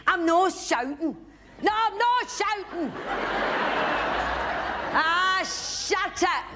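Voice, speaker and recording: A woman's voice: very high-pitched, slow pace, heavy background noise, voice pushed up. Woman doing a drunk, brash Glasgow heckler. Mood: drunk, bickering. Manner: slurred, brash, bickering with her man. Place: large theatre stage. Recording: live theatre, audience laughter, band music.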